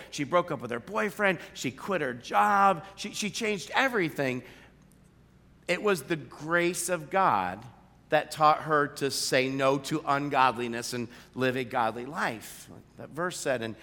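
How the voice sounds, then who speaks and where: A man preaching a sermon, telling a story with animated delivery and acting out the people in it. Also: fairly high pitch. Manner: animated storytelling, acts out quoted voices. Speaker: pastor. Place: large church hall. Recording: long hall reverb.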